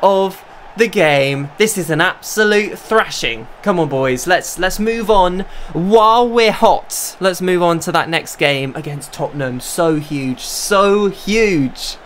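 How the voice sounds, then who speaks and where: A young man narrating his own football video game as a gaming creator, talking to himself and bursting into high shouts when chances come. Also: slow pace, slight background noise. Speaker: gaming YouTuber. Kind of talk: live gameplay commentary.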